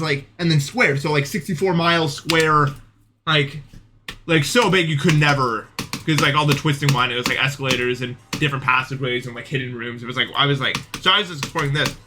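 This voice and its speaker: A man's voice: on the high side, noisy background. A young man streaming, telling a long dream in casual chat, rambling with many fillers and restarts. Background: background music.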